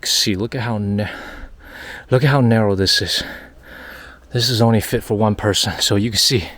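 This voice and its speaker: A man's voice: fairly low pitch, normal speed, a bit bright, dry recording. Chatty man vlogging on a mountain hike. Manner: chatty, repeats phrases, thinks aloud. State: out of breath while hiking. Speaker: travel vlogger. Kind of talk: walking travel vlog narration. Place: outdoors on a mountain trail.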